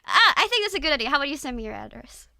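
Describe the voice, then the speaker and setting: A woman's voice: sits high, vocal fry, sharp tone, no room sound. A young woman streaming as a VTuber, chatting casually with a giggly, playful, teasing manner.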